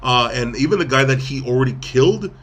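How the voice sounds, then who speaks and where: A man's voice: mid-range voice, expressive, fairly quick, a bit bright. A man co-hosting a podcast, casually retelling a film's plot with lots of fillers and restarts. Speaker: podcast co-host. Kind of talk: casual film review chat.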